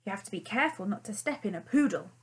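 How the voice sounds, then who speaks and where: A woman's voice: medium pitch, animated, quick pace, close to an everyday voice. A woman reading an audiobook and voicing a cheerful male animal who cracks bad puns in a jolly way. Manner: jolly, jokey.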